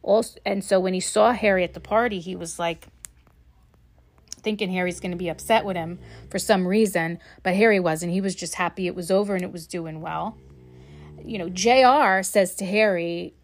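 A woman's voice: fairly low pitch, normal speed. Blunt, foul-mouthed woman podcaster. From United States. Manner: blunt, heavily profane, talks straight to the listener. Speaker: podcast host. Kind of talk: casual commentary podcast. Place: home.

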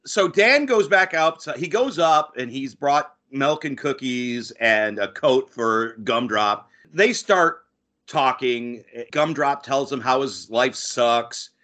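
A man's voice: medium pitch, slow pace. A man chatting casually as a podcast host, recapping a TV episode and acting out lines from it. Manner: animated, acts out quoted lines.

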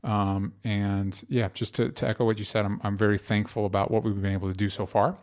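Earnest, halting male podcast host. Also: on the low side, little pitch movement, a little mellow. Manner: earnest, halting, many ums and restarts. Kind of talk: casual podcast chat.

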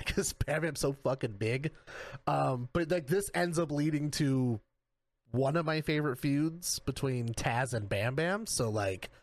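A man's voice: a little high, measured pace. A man co-hosting a podcast, chatting casually with lots of fillers and swearing. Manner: loose, filler-heavy, swearing. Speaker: podcast co-host. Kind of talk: casual chat.

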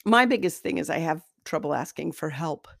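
A woman's voice: low voice, lively intonation, brisk, creaky, dry recording, studio quality. A woman hosting a self-help talk as an energy healer, speaking in a candid, conversational and self-deprecating way. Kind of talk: spoken self-help monologue.

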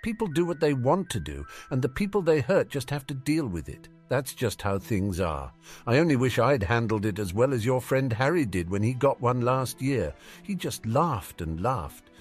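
A man's voice: mid-range voice, big pitch swings, moderate pace, husky, faint music behind. A man voicing a resentful teenage boy who speaks with dry sarcasm. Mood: sarcastic. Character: bitter, sardonic teenage boy.

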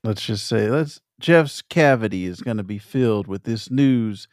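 Slow, lively-voiced man podcaster. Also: fairly low pitch, dry recording, studio quality. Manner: playful, teasing, laughs often. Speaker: podcast co-host. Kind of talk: reading news on a casual gaming podcast.

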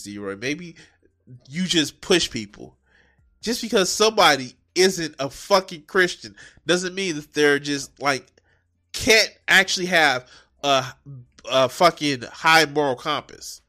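High, bright-voiced mocking male commentator. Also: a little slow. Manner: mocking, animated, swears heavily. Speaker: commentator reacting to a video. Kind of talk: profane reaction commentary.

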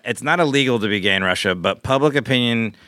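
A man's voice: medium pitch, animated, quick pace, sharp tone, dry recording. A man co-hosting a podcast, talking in a casual, wry and sarcastic way and laughing often. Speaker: podcast co-host. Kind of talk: casual chat.

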